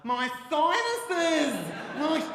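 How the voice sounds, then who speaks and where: Bloke doing a squealy high drama queen freaking out, echoey hall. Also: big pitch swings, very slow, background noise, exaggerated voice. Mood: panicked. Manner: squealing, melodramatic. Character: whiny pampered person panicking over trivial woes. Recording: echoey hall, live stage.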